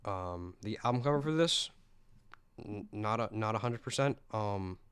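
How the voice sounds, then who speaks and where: Teen boy from South Carolina, podcast host, rambling and enthusiastic; low, smooth voice, dry close sound. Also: lively intonation, normal speed, a bit bright, dry recording. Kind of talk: casual music roundup podcast.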